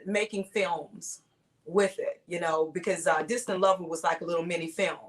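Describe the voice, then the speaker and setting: A woman, a singer-songwriter guest, telling stories in a relaxed interview with frequent restarts. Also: fairly low pitch, moderate pace, rough recording. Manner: storytelling, warm recollection with frequent restarts. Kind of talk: casual interview chat.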